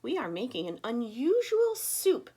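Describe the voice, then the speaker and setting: A woman's voice: a little high, huge pitch swings, a little slow, mellow, slightly rough, voice pushed up, heavily acted. A woman voicing two traveling male cooks who boast grandly about their magical soup in a storybook reading. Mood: boastful. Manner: grand, theatrical announcing.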